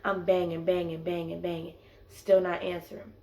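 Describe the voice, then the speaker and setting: Speaking at normal speed in a fairly low voice, a young woman vlogger tells an animated story in a casual, slangy way, with plenty of fillers and "like"s. There's slight background noise, and the room is echoey.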